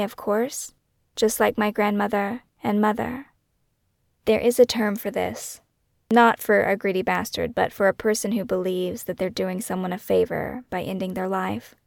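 A woman narrating her own true-crime memoir podcast as host, in a measured, brooding way that weighs one question after another. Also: mid-range voice, gravelly, darkish tone, dry recording, studio quality.

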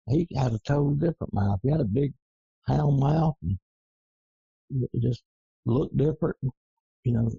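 A man, a coonhound breeder talking slowly and rambling in folksy dialect in a casual interview. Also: medium pitch, gravelly, dark tone, slightly rough, no room sound, lo-fi sound. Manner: slow, rambling, folksy Southern dialect grammar.

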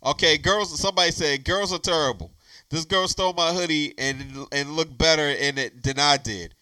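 Animated man. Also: on the high side, moderate pace, clean tone, no room sound, poor audio. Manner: animated, emphatic, repeats himself, laughs while reading aloud. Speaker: podcast co-host. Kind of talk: casual banter.

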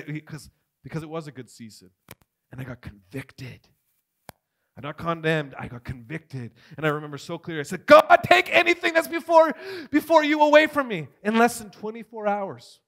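High-pitched man preaching an animated testimony. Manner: animated storytelling, swings from shouting to near whisper. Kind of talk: testimony sermon.

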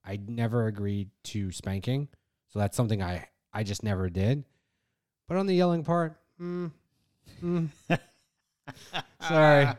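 A man's voice: mid-range voice, a little slow, long pauses, clear, resonant tone. A man co-hosting a parenting podcast in casual chat, blunt and swearing, acting out exasperated lines to his kids. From Italian-American household. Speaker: podcast co-host.

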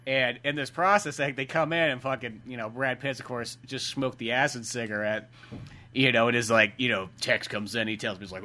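A man's voice: mid-range voice, fairly quick, bright, forceful tone. A man chatting casually and profanely about a film, rambling with lots of fillers.

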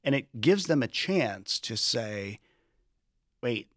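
A man's voice: mid-range voice, big pitch swings, slow pace, a bit bright, dry recording, clean studio sound. A man hosting a casual group discussion, thinking aloud and acting out quoted lines in different tones. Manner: reflective, acts out quoted lines with shifting tone. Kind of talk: conversational discussion.

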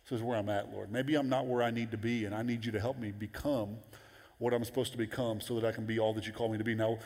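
A man preaching a sermon as pastor, animated and conversational, jumping into high excited voices when quoting. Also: quick pace. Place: large church auditorium. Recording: long hall reverb.

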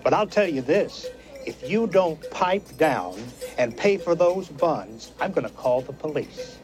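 An actor playing a supermarket assistant manager in a film clip, calm but stern. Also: male voice, a little high, measured pace. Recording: film soundtrack with music behind.

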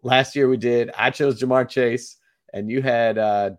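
A man co-hosting a laid-back sports podcast, chatty and upbeat, with a voice of ordinary middle pitch. He laughs easily and keeps the banter rolling at an easy pace. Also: steady tone, a little slow. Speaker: podcast co-host. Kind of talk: casual sports podcast chat.

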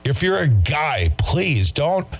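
A man's voice: fairly high pitch, very animated, slow pace, husky. A male talk show host ranting in an emphatic, combative and sarcastic way.

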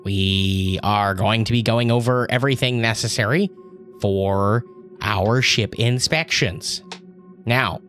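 A man voicing a fussy, stern male gnome inspector who gives slow, officious warnings. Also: fairly low pitch, fairly bright tone, faint music behind.

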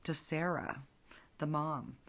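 Low-pitched woman hosting a casual faith podcast, chatty and rambling with asides. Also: fairly even intonation, takes it slowly, a bit bright. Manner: chatty, digressive, frequent asides. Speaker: podcast host. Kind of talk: casual Bible storytelling podcast.

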